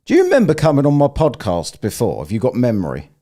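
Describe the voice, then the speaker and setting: A man's voice: mid-range voice, huge pitch swings, fast, warm tone. A man hosting a live stream, chatting casually and crudely, with frequent swearing and jokey banter.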